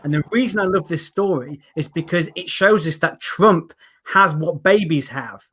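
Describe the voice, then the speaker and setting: A young man on a remote call, telling jokes in a casual chat and mocking himself with deadpan asides. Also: a little high, normal speed, breathy edge. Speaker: comedian guest. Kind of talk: casual chat with comic bits.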